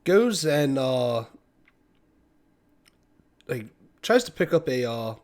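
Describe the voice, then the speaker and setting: A man running a tabletop game as game master, narrating scenes in a casual, loose way with frequent pauses to find words. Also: mid-range voice, very animated, a little mellow. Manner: casual, many fillers and restarts while describing.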